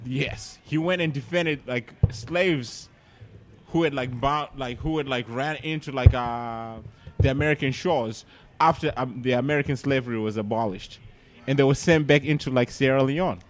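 A Zimbabwean-accented man co-hosts a relaxed podcast conversation. He speaks in halting bursts and leans on frequent fillers as he gathers his thoughts. He keeps his voice at an ordinary, mid-range pitch. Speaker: co-host. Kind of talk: casual podcast chat.

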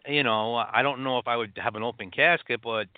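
A man from upstate New York telling his own story as a guest, halting, with many restarts and fillers, over a phone line. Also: mid-range voice, dry recording. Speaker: guest author.

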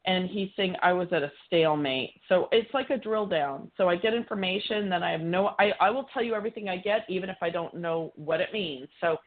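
A woman's voice: mid-range voice, fairly quick, hardly any pauses. Woman psychic on a phone line. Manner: chatty, relays messages as quotes. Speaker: psychic medium. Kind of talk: live psychic reading on a call-in show.

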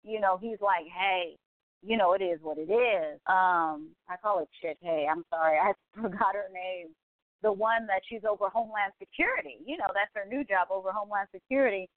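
A woman's voice: medium pitch, a little fast, no room sound. A woman from California hosts a live online show and talks in a loose, chatty ramble full of asides. Her voice comes through thin and tinny, like a phone line, with a dry, close sound. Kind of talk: casual rambling commentary.

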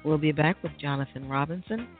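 A woman's voice: sits low, animated, brisk, faint music behind. A woman hosting a radio talk show, encouraging her guest and reading sponsor details, over a tinny phone line.

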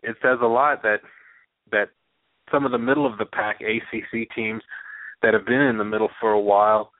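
A man talks through college football in an easy, unhurried way, doubling back on his words as he goes. His voice comes over a narrow, phone-like line with no room sound at all. He sounds like a guest on a call-in sports show. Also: on the low side, vocal fry, no echo. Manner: relaxed, repeats words while thinking. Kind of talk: casual podcast chat.

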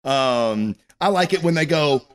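A man's voice: fairly high pitch, lively intonation, measured pace. A man hosting his own comic book show, chatting casually and rambling with plenty of cussing. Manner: profane, rambling and loose. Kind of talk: casual live-stream chat.

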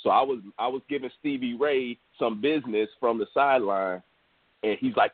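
A man in his thirties from Houston, Texas, co-hosting a podcast and telling a story in a relaxed, rambling way full of fillers. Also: medium pitch, a little fast. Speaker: podcast co-host. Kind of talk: casual storytelling chat. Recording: dry, tinny phone line.

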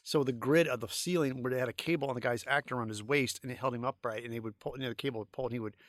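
A middle-aged creature effects artist from St. Louis, appearing as a guest on a podcast, tells animated, rambling stories full of uh's and restarts in a casual storytelling interview. His ordinary-pitched voice is easygoing and rapid-fire, sounding close and dry with no echo.

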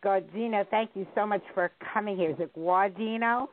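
Woman hosting a radio talk show, rambly with lots of uhs, mid pitch, tinny phone sound. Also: normal speed, slight background noise. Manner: rambling, many "uh" fillers. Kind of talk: casual radio chat.

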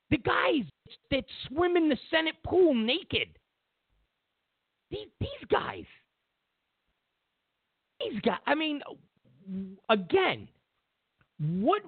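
A man's voice: extremely high pitch, wildly swooping pitch, slow, pauses often, no room sound. A man hosting a political commentary show, ranting in an incredulous way and repeating himself as he builds his points. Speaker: host. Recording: tinny phone-like dry sound.

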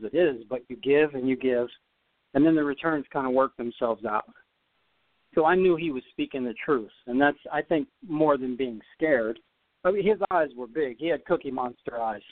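A man, a former tennis player, telling a story as a podcast guest, animated and often repeating words as he goes. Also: medium pitch, moderate pace, no echo. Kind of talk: storytelling in an interview. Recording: dry, phone-like line.

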